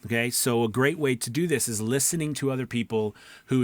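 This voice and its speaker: A man's voice: medium pitch, brisk, no echo. A man coaching beginner voice actors in a casual teaching talk, often checking in with "okay" and "right.". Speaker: voice acting coach.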